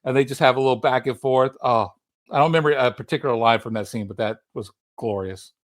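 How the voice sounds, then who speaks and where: A man's voice: mid-range voice, quick pace. A man hosting a casual movie podcast, retelling scenes and acting out quotes. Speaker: podcast host. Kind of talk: casual chat.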